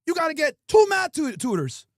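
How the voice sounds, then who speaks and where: A man's voice: extremely high pitch, huge pitch swings, brisk, dry recording, clean studio sound. A male host doing an improvised comedy roast, crude and mocking, hurling insults.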